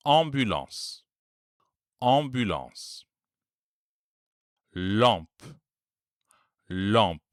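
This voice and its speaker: Male teacher, bright, animated delivery, dry close sound, patient repeats. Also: medium pitch, dry recording. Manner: clear, patient, repeats each example word slowly. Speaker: French teacher. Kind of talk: pronunciation lesson.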